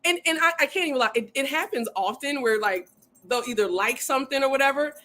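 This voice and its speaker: A woman hosting a casual livestream, excitedly reading viewer comments aloud and often saying "y'all.". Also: sits high, fast talker. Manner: says "y'all" often, Southern-tinged speech. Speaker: livestream host.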